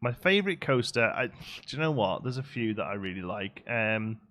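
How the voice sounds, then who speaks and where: A man's voice: fairly low pitch, lively intonation, moderate pace, a bit bright. Chatty man streaming a game. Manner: chatty, answers chat, trails off while building. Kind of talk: casual live-stream commentary.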